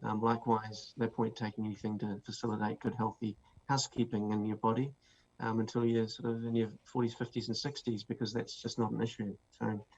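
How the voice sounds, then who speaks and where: A man's voice: fairly low pitch, little pitch movement, fairly quick, darkish tone. A man with a New Zealand accent, a guest author explaining his ideas with many fillers and restarts. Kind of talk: interview answers. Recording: dull lo-fi sound with faint noise.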